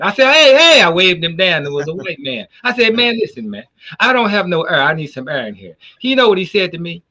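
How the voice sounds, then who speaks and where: A man who runs a business, talking on a talk show in an animated, profane storytelling way. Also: on the high side. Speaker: business owner. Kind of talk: casual talk show discussion.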